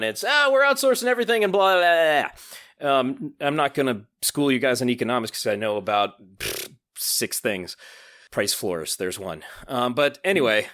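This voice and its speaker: Male podcast host, animated and chatty, mid-range voice. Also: mid-range voice. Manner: animated, laughs often, quotes lyrics in voices. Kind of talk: casual podcast chat about music.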